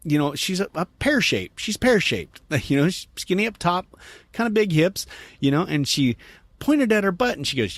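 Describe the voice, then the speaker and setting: Male podcast host, animated storyteller, wide-ranging pitch, dry close recording. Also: moderate pace, no echo. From United States. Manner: animated, laughing storyteller quoting others. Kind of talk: casual storytelling.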